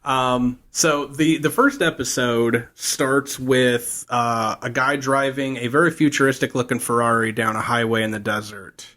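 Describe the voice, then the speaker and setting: A man's voice: medium pitch, fairly even intonation, unhurried, few pauses, bright, forceful tone. A young man co-hosting a podcast, casually retelling an old TV show's plot at a loose, rambling pace and slipping into the characters' lines as he goes. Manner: rambling storyteller, acts out scenes. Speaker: podcast co-host. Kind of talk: casual chat recapping a TV show.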